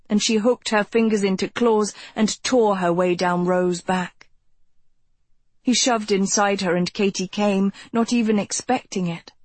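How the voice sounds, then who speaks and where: A woman reads a novel aloud, slowly and evenly, with a husky edge to her voice. She sounds close and dry, as if in a small treated booth. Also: medium pitch, no room sound. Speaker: audiobook narrator. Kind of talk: scripted audiobook narration.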